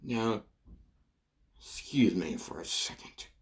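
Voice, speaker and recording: A man narrating an improvised fan story, halting and full of fillers, with a husky voice. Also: on the low side, expressive. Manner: halting, filler-heavy, many restarts.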